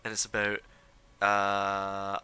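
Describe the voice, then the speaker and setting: A man narrating as game master for a tabletop role-playing game, in a relaxed way with frequent pauses. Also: lowish voice, clear, resonant tone, low-quality recording.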